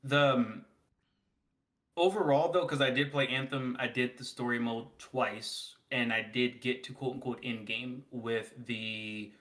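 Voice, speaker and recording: Man, podcast co-host, bright voice, animated, laughing, rambling casual chat. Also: mid-range voice, unhurried.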